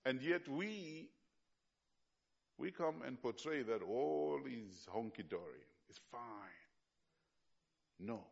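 A man preaching a sermon with passion, swinging from hushed, slow stretches to loud cries, with many restarts. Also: medium pitch, expressive, vocal fry, lo-fi sound. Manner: frequent restarts and fillers.

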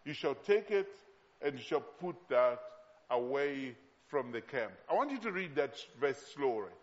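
Emphatic preacher in a reverberant hall. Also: male voice, mid-range voice, big pitch swings. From Zambia. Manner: emphatic, repeats key phrases slowly. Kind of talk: sermon. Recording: long hall reverb, dull sound.

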